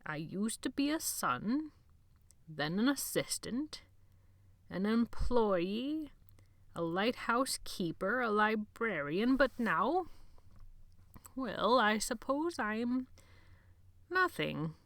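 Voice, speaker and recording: A woman voicing a frail, gentle old male librarian who speaks slowly and haltingly in a hoarse near-whisper. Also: lowish voice, very animated, no echo, full character voice. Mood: wondering. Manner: slow, halting, dreamy speech.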